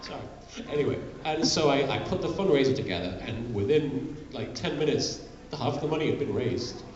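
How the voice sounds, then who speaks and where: A man answering audience questions at a convention panel, talking in a candid, halting, self-deprecating way. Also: mid-range voice, animated, crowd noise. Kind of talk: live Q&A panel talk. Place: large convention hall. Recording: echoey, dull convention hall sound. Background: audience murmur.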